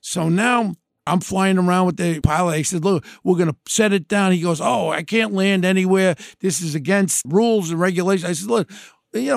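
A man's voice: high-pitched, creaky, no echo, studio quality. A man hosting a podcast, telling a true crime story in a rambling way and acting out the dialogue. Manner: rambling, repeats "next thing is", acts out quoted dialogue. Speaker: podcast host.

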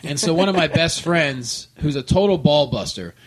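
A male comedian guest telling wry stories in casual conversation. His voice is slightly higher than the typical man's. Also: animated, moderate pace. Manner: wry, storytelling. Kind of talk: casual chat.

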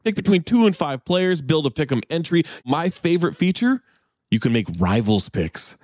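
A man reading a sponsor ad on a podcast in an upbeat, emphatic sales pitch. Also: big pitch swings, normal speed, darkish tone, no echo, studio quality. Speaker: ad reader. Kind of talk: podcast ad read.

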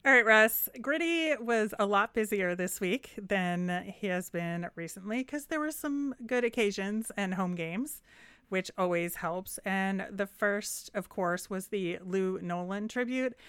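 Woman, sports chat co-host, upbeat, chatty, laughs easily, smooth clear voice, dry sound. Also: medium pitch, a little slow, fairly bright tone, dry recording. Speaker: podcast co-host.

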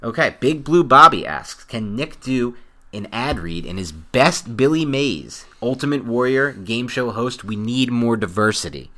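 A man's voice: medium pitch, animated, a little slow, pushed and bright. A man with a nasal voice co-hosting a sports podcast, chatting casually and explaining at length with teasing laughs. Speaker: podcast co-host.

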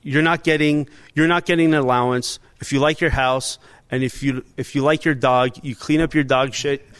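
A man's voice: mid-range voice, steady tone, moderate pace, fairly bright tone, clear, resonant tone, close to an everyday voice. Man voicing a strict father, blunt, commanding, raised voice. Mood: stern. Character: strict old Italian father laying down rules.

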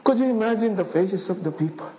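A woman preaching a sermon, asking rhetorical questions and acting out voices in a lively way. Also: mid-range voice, fast, slight background noise. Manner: animated, rhetorical questions, acts out voices of God and people. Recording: dull sound with long hall reverb.

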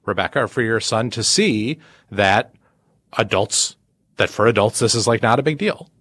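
A man's voice: lowish voice, expressive, normal speed, a bit bright, no room sound, studio quality. A man co-hosting a podcast, chatting casually and restarting his phrases hesitantly. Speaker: podcast co-host. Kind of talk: casual chat.

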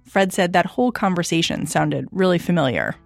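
A radio host narrating and interviewing in a calm, plain-spoken way. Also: medium pitch, a little fast, gravelly, no echo, soft background music.

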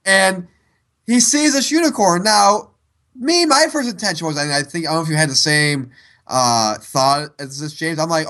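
A man with a high voice co-hosts a podcast and rambles through a casual chat. He retells scenes animatedly, piling one thought onto the next. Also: lively intonation, normal speed, a bit bright. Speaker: podcast co-host. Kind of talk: casual chat reviewing a TV show.

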